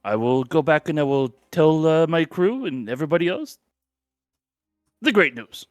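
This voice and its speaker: A man's voice: on the high side, animated, normal speed, no room sound, soft background music, natural voice. A man voicing a proud male strongman sailor in a tabletop game, speaking formally with a put-on foreign accent. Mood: measured.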